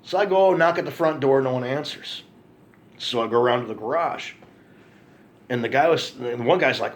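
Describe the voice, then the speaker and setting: A man's voice: medium pitch, normal speed. A man telling an angry, profane story to camera in a ranting monologue, repeating himself for emphasis. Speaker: vlogger.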